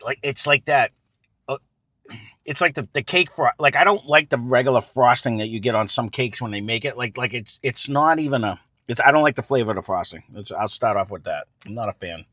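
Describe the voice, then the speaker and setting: A man's voice: mid-range voice, fairly quick, pushed and bright, dry recording. Easygoing man reviewing food in a dry room. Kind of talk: casual food review chat.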